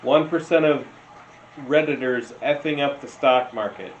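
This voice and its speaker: A man doing casual meme reaction commentary, rambling, telling stories and laughing often. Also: medium pitch. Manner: slow, rambling, laughs a lot. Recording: roomy, dull lo-fi sound with faint noise.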